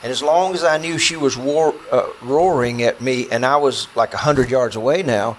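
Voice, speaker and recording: A man recounts a close call to a small audience seated around him. His pitch sits squarely in the middle of the range, and his delivery is intense and halting, full of restarts and repeated words. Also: a little hiss or hum. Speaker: bowhunter telling a story. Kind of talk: personal storytelling to a small audience.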